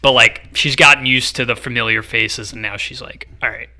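Podcast co-host: young guy, bright and tense-sounding, loose rambling anecdote. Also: medium pitch, fairly even intonation, normal speed. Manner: rambling storyteller, filler-heavy. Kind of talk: casual chat.

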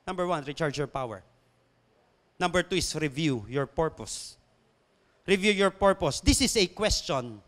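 A man with a Filipino accent preaching a sermon, reading scripture slowly and emphatically between quick conversational asides. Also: on the high side, lively intonation, fairly bright tone. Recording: long hall reverb.

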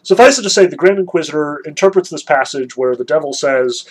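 A man giving a casual lecture, chatty and animated, with self-deprecating asides. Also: on the high side, brisk, few pauses, slightly rough, poor audio.

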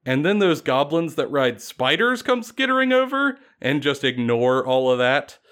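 A man casually retelling a fantasy battle story on a podcast, animated and laughing often. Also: on the high side, normal speed.

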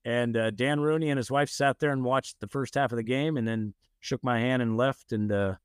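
An older man from the United States, a guest telling a lively anecdote in casual conversation, often acting out the voices of the people he quotes. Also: mid-range voice, normal speed, clean tone, dry recording, studio quality. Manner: animated anecdotes, acts out quoted voices, frequent "you know". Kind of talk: casual storytelling.

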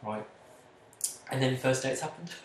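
A man's voice: medium pitch, measured pace, slight background noise. Guy in his 20s, chatty guest, sounds far off in an echoey room. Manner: chatty, open, frequent "like" and self-interruptions. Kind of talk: candid personal storytelling. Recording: echoey room, distant mic.

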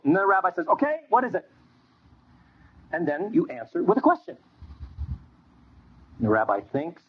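A man teaching a Bible class, telling stories in an animated way and acting out bits of dialogue. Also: a little high, slightly rough. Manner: animated storytelling with quoted dialogue. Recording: dull lo-fi recording.

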